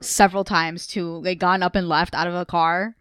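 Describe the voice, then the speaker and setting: A woman's voice: lowish voice, little pitch movement, normal speed, a bit bright, clean tone, no echo. A woman podcast co-host chatting casually, blunt and joking, swearing freely. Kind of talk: casual chat.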